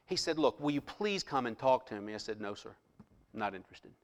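Pastor telling a story, hushed then animated. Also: male voice, mid-range voice, fairly quick. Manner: animated storyteller, drops to hushed voice for quoted lines. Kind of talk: sermon testimony storytelling.

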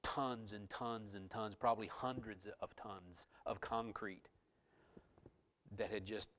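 A male pastor delivering an impassioned sermon in a somewhat low voice. He swings between loud exclamations and hushed, breathy near-whispers. In his stories he repeats words and restarts sentences. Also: fairly even intonation, takes it slowly.

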